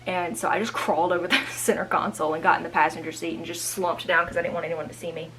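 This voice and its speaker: Chatty woman around thirty, lowish voice. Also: fast talker, a little hiss or hum, rough recording. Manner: chatty, animated, drifting between asides. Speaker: vlogger. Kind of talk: casual storytime monologue. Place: indoors at home.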